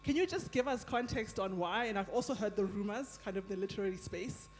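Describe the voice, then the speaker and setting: Earnest high-voiced man in the audience. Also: lively intonation, a little fast, slight background noise. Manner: earnest, grateful, a little hesitant. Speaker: audience member asking a question.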